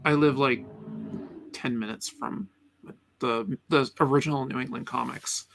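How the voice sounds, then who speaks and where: Gravelly laid-back middle-aged man. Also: mid-range voice, fairly even intonation, a little slow, background noise. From Boston area. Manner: laid-back, many ums, chuckles often. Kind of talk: casual chat.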